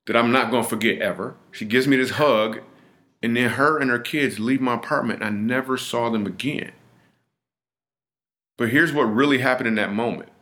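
A man's voice: medium pitch, sharp tone. A middle-aged man, a comedian guest on a podcast, telling a personal story in an earnest, vivid way, often restarting and repeating himself.

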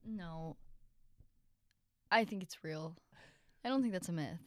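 A young woman co-hosting a podcast with her mother, animated, cutting in and swearing casually. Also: lowish voice, slow pace, no room sound. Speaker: podcast co-host, daughter. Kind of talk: casual chat.

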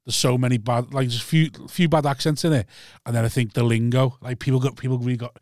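A man's voice: medium pitch, level tone, fast talker, darkish tone, no room sound, studio quality. A man with a Scouse accent from Liverpool, hosting a podcast in casual banter and swearing casually. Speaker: podcast host.

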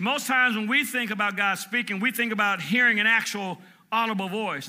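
A man in his fifties preaching a sermon from Michigan, shouting call-and-response lines and chanting repeated words. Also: sits high. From Michigan, USA. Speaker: pastor.

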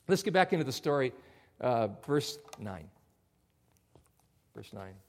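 Animated male pastor preaching. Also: medium pitch, unhurried, slight background noise. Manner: animated, conversational storytelling. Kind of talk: sermon.

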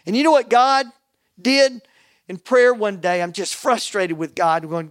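A man preaching a sermon, telling a personal story with animated quoted dialogue. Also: sits high, normal speed, smooth, no echo, clean studio sound. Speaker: pastor.

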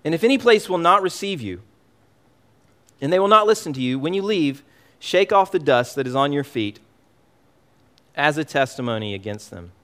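Animated man preaching a sermon. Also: a little high, normal speed, pauses often. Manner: animated, emphatic preaching with frequent repetitions. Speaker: pastor.

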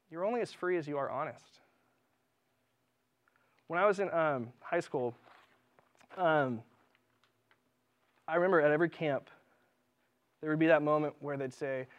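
Male preacher, high voice, impassioned yet chatty sermon in church. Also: lively intonation, moderate pace, long pauses. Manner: impassioned, conversational with fillers.

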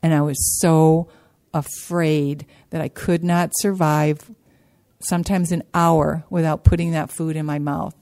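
In a workshop meeting room, a woman shares her recovery story as a speaker at a support group, speaking in a halting, earnest way with hesitant pauses, many restarts, and key words repeated for emphasis. Her voice is low and dark, with a level tone.

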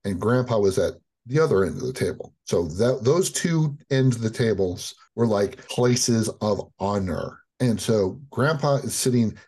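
A man as a podcast guest, telling a personal childhood story in a lively way and acting out the quotes. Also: on the low side, unhurried, hardly any pauses, husky.

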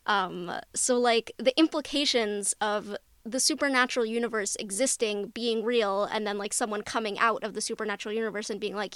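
A woman's voice: fairly high pitch, a bit bright, clear, resonant tone, no echo, studio quality. A woman co-hosting a podcast, talking casually and earnestly about a TV show, reflective and enthusiastic. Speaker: podcast co-host. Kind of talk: casual chat recapping a TV episode.

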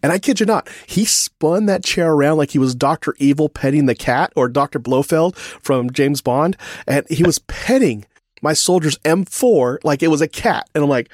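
Animated storytelling man, dry close sound. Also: on the high side, moderate pace, no echo. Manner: animated storyteller, acts out quotes, laughs often. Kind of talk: casual storytelling chat.

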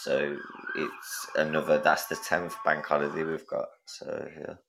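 A man's voice: extremely low pitch, monotone, a little slow, vocal fry, noisy background. A man from England, a guest in a casual chat, blunt and sweary, who often repeats himself. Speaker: guest caller.

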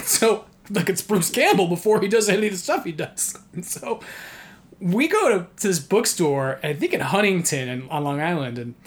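A man from New York telling a story in casual chat, animated and laughing often, with many "like" fillers. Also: a little high. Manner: heavy use of "like" as filler.

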